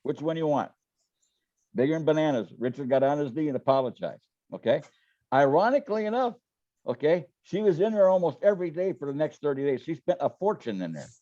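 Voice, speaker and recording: Man, folksy storyteller, stumbles and repeats himself, warm mellow voice, dry close sound. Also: on the high side, expressive, brisk, no room sound, lo-fi sound. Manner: folksy, repeats words, acts out quotes. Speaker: guest. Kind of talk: casual storytelling interview.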